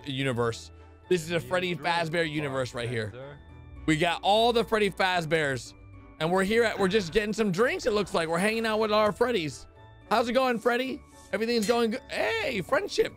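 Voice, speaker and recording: A man's voice: high voice, a bit bright. A man hosting a reaction video, exclaiming and gasping as he talks to viewers. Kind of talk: excitable reaction commentary.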